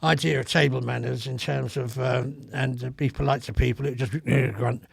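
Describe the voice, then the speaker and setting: An older man with a gravelly voice, a comedy club veteran telling rambling, earthy stories in a casual podcast chat. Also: mid-range voice, fairly even intonation, a little fast, dry recording. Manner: rambling, earthy, swears freely. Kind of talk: casual anecdotal storytelling. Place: podcast studio.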